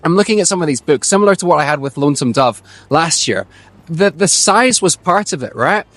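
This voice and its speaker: An enthusiastic young man runs through his reading list at a brisk clip, voice sitting a little high. He's outdoors, close and loud on the mic, so the sound is dry and tinny. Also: lively intonation, no room sound. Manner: chatty, enthusiastic, quick-talking. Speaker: book channel host. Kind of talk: casual book talk to camera.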